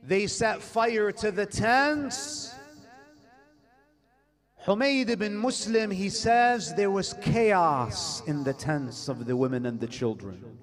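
A male preacher tells a story slowly and dramatically. His voice sits fairly high for a man. He quotes Arabic with chanted phrasing, and his delivery grows more impassioned. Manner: switches between English and classical Arabic recitation. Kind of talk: emotional religious sermon narration.

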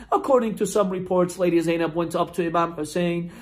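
A man's voice: sits high, steady tone, a little fast, few pauses, darkish tone. Impassioned male preacher telling a story. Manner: impassioned, builds in intensity, chants Arabic verses. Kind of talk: emotional sermon storytelling.

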